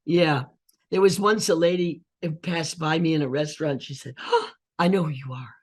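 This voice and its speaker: An older woman, a guest actress, chatting in an interview with a husky voice, acting out the voices of people in her stories. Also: sits low, moderate pace. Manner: animated storyteller who acts out quoted voices. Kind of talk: casual interview chat.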